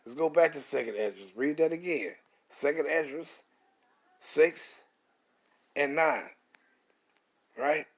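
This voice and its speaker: A man preaches scripture with a husky, fairly high voice. He hammers his points with repeated rhetorical questions and blunt swearing, in an emphatic street-style sermon. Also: animated, slow, pauses often.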